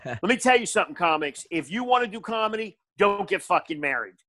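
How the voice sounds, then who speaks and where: A man's voice: high-pitched, expressive, brisk, pushed and bright. An older man, a comedian on a podcast, telling stories bluntly with lots of swearing and emphasis. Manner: blunt, profane, emphatic storytelling. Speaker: stand-up comedian, podcast guest. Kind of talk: casual podcast chat.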